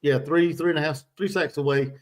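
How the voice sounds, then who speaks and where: Man, fairly high voice, halting host breaking down a football matchup. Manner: hesitant, restarts a lot, full of ums. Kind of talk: casual sports chat.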